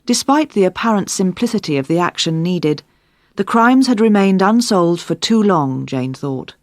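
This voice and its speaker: A woman reading a crime story aloud in a clear, measured narration for learners. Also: lowish voice, expressive, darkish tone, no echo, studio quality. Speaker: audiobook narrator. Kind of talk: scripted narration.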